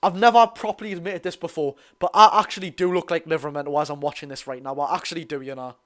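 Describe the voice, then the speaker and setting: Excitable Geordie teen calling football. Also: male voice, a little high, fast talker. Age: teens. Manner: excitable, chatty, calls the play and talks to chat. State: voice going hoarse. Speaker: fan watch-along host. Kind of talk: live football commentary and fan reaction.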